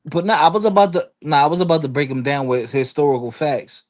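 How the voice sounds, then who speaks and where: A man's voice: on the high side, fairly even intonation, fast talker. A man on a casual podcast panel, rambling through long explanations and slipping into quoted voices. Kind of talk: casual chat.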